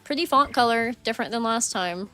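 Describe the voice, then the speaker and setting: A young woman streaming live gameplay, chatting along and breaking into loud frustrated outbursts at the game. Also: a little high, expressive, brisk, faint music behind.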